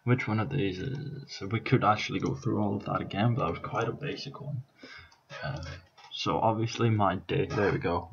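A man's voice: sits low, vocal fry, breathy edge, highs cut off. A Scottish man in his twenties talking casually and swearing, thinking aloud with lots of ums, tired from staying up all night. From Scotland. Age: 20s. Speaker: YouTuber. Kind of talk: casual vlog commentary.

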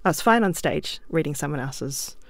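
In a podcast studio, a New Zealand author and playwright chats as an interview guest in a low, gravelly voice with lively intonation at normal speed. Thoughtful and quick to laugh, she gestures as she talks, and the studio mic gives a dry, high-quality sound.

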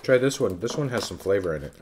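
A man in his thirties hosting a family vlog, chatting gently and patiently with his child between bites of food. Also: lowish voice, animated, fast, a little hiss or hum. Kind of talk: casual family chat while eating.

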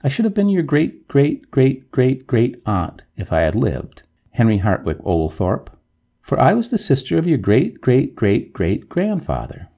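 A man's voice: medium pitch, wildly swooping pitch, a little slow, gravelly, warm tone, voice pushed up, exaggerated voice. A man voicing an indignant drowned young woman ghost, who talks in a prim, formal, reproachful way with a gargling sound. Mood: haughty.

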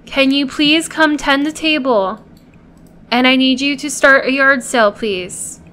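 Brief: high-pitched woman, unhurried gameplay commentary, chatty and pleading with her game characters. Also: sharp tone. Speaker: gameplay video host.

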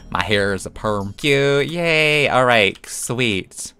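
In a bright, forceful, clean mid-range voice, a young male gaming YouTuber speaks extremely slowly yet animatedly. He keeps up playful, chatty commentary, giggling often and talking to himself while playing.

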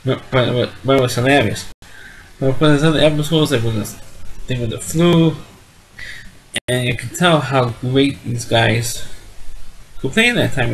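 A man's voice: medium pitch, a bit bright, poor audio. Nasal man rambling through a review. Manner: rambling, with frequent restarts and stammered repeats. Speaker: TV show reviewer. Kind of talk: casual video review.

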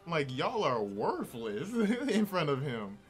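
A young man reacting to an anime, excitable and slangy, laughing often. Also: fairly high pitch, slow, soft background music. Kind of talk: casual reaction commentary.

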